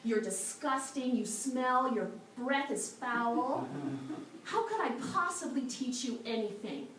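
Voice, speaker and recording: A woman's voice: fairly high pitch, lively intonation, quick pace, a little hiss or hum, close to an everyday voice. A woman voicing an outspoken old male Zen monk in a told story, harsh when scolding. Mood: stern scolding. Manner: harsh, scolding, then gentle. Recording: echoey hall from a far mic.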